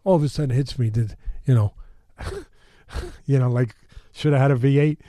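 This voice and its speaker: A man's voice: mid-range voice, animated, moderate pace, mellow, no room sound. A man telling a story in a loose, rambling way, full of fillers and restarts, with blunt street-tough talk. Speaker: storytelling guest. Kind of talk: casual spoken storytelling.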